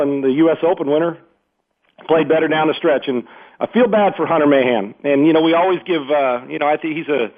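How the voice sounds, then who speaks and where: A man hosting sports talk radio, rambling and emphatic, often repeating himself as he riffs. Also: on the high side. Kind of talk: unscripted sports radio commentary. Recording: phone-like narrow band radio audio.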